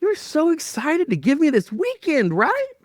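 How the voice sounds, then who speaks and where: A man voicing God as a gentle, patient male voice, calm and reassuring, within his sermon storytelling. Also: very high voice, unhurried, no room sound, pitched above the performer's own voice, heavily acted. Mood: gentle reassurance.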